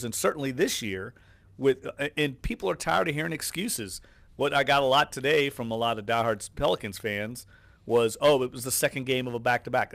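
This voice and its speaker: A man's voice: medium pitch, a bit bright, no echo. Opinionated sports radio man, dry sound. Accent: New Orleans. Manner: opinionated, exasperated.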